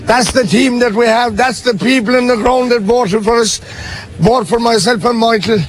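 A man's voice: extremely high pitch, fairly even intonation, normal speed, a little hiss or hum. A man giving a jubilant, exuberant celebration speech after an election win. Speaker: newly elected candidate.

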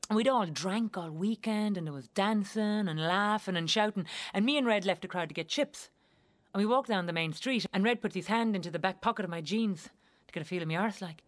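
A woman's voice: medium pitch, brisk, natural voice. Irish monologue role: a woman playing a blunt, wry young wife, earthy and swearing, medium voice. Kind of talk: theatrical monologue.

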